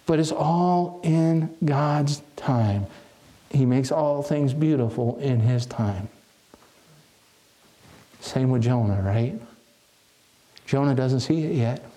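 A man's voice: mid-range voice, slow pace, pauses often, warm tone. A man preaching a sermon in an earnest, reflective way, often restarting his phrases.

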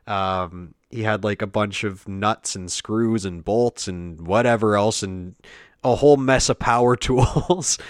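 A man's voice: lowish voice, dry recording, clean studio sound. A young man talking casually and at length, rambling with many fillers and self-corrections. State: has the hiccups. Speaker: speaker recounting a family kids' camp.

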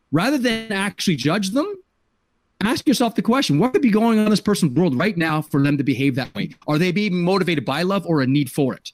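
A middle-aged man with a slightly high voice tells a personal story on his podcast. He speaks earnestly and with emotion, stumbling and repeating words as he goes. The sound is dry and close, with no room echo. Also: expressive, moderate pace. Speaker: podcast host.

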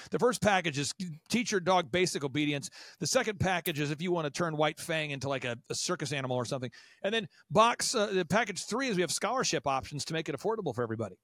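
A man in his forties with an American accent, giving animated business advice as a podcast guest and acting out the people he quotes. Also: on the high side, no room sound, studio quality. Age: 40s. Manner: animated, acts out quoted voices. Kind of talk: enthusiastic business advice talk.

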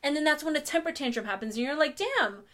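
A woman's voice: sits high, very fast, fairly bright tone. A young adult woman co-hosting a casual chat, talking bluntly with lots of swearing and acted-out quotes. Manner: blunt, profane, acts out quotes. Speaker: podcast co-host.

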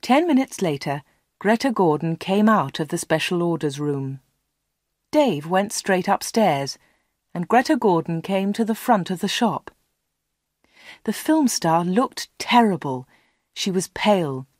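A woman reading a storybook aloud at a slow, clear pace meant for learners. Her pitch rises and falls a lot, and the sound is close and dry with no room echo. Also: animated, a little mellow. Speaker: audiobook reader. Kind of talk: scripted storybook narration.

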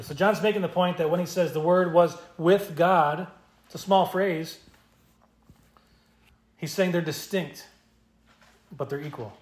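A man's voice: on the high side, roomy sound. A male pastor preaching an expository sermon, emphatic and repeating key phrases for stress. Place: church.

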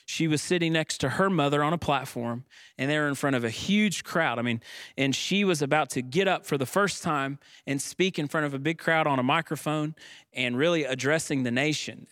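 A young adult man preaching a sermon as pastor, building to emphatic declarations and stretching key phrases slowly. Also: medium pitch, a bit bright, dry recording, studio quality.

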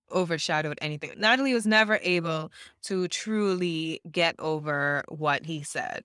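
Woman podcast co-host, bright voice, dry close sound, blunt and animated with laughs. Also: lowish voice, clear, resonant tone, no room sound. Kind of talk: casual chat.

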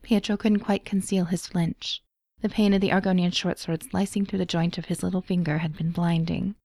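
A woman reading a story aloud as an audiobook narrator, in a measured storytelling manner. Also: lowish voice, steady tone, warm tone, no echo. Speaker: podfic reader.

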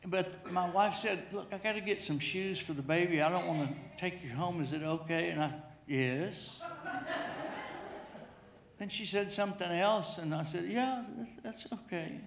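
A middle-aged male preacher tells a humorous story from the pulpit, circling back over his own words. His voice sits fairly high for a man. The sound echoes through a church sanctuary. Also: moderate pace, creaky, few pauses, a bit bright. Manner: storytelling with humor, repeats himself. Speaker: pastor. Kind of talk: sermon.

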